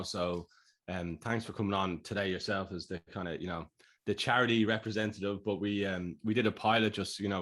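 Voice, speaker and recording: A man's voice: deep voice, a bit bright. A man with an Irish accent co-hosting a podcast, chatting casually and telling rambling, jokey stories. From Ireland. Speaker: podcast co-host.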